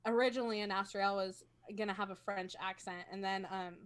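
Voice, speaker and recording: A woman's voice: medium pitch, fairly even intonation, fairly quick, clean tone. A woman talking casually as a role-playing game player on a video call, chatty and self-conscious, laughing often. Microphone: home streaming microphone.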